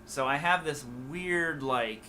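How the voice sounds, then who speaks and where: A man's voice: on the high side, slow pace, bright, forceful tone, a little hiss or hum. An American man with a mixed Midwest and Southern accent, chatting casually and loosely on a live stream as a guitar teacher, full of fillers and restarts. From USA. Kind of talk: casual livestream chat.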